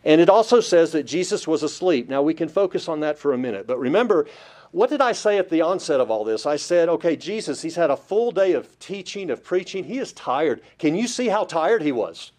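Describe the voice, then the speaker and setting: A man with a fairly high-pitched voice preaches a Bible-study sermon. He is emphatic and keeps putting rhetorical questions to his listeners. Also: sing-song, a little fast, darkish tone. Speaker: pastor.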